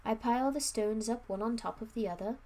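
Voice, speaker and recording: A woman voicing a sorrowful, apologetic old male wizard who speaks in a mournful, halting way. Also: fairly high pitch, dark tone, lightly acted.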